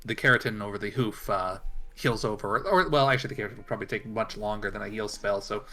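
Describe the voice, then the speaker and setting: Hesitant bright-voiced game player. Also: male voice, lowish voice, fast talker. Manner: hesitant, full of fillers while thinking aloud. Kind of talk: tabletop game role-play.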